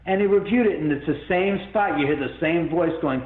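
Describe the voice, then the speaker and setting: A man telling a long story as an interview guest, rambling and animated, with many restarts. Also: a little high, a little fast. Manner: rambling, animated, full of restarts and self-quotes. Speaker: guest, haunted-house owner. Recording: phone-like line in an echoey room.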